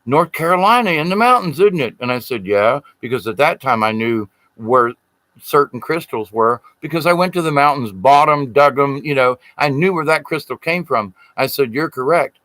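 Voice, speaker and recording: A man's voice: medium pitch, normal speed, fairly bright tone, dry recording, rough recording. A middle-aged man, telling a personal story in an earnest, rambling way. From Southern United States. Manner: rambling, earnest, acts out quoted voices. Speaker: spiritual storyteller. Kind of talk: casual storytelling.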